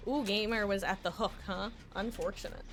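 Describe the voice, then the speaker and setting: A woman's voice: mid-range voice, steady tone, moderate pace. A young adult woman streaming a game, thinking aloud in casual commentary with self-mocking asides.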